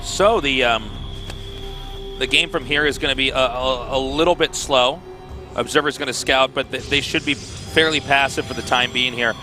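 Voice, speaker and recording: A man's voice: medium pitch, normal speed, music in the background. An American man casting a live esports match, mixing chatty jokes with play-by-play analysis. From United States. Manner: chatty, jokey banter between analysis. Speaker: esports caster.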